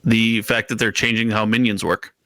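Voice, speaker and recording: A man born in Italy co-hosting a casual card game podcast, teasing his partner with quick wisecracks. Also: lowish voice, little pitch movement, sharp tone, no echo. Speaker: podcast co-host. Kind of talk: casual chat about trading card games.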